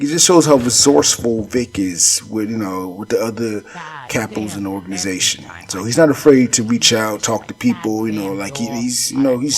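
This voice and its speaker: Man, creator commentary from home, loose and rambling, heavy on fillers. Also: lowish voice. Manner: rambling, with many filler phrases and restarts. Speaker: creator commenting on his own stop-motion series. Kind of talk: casual commentary.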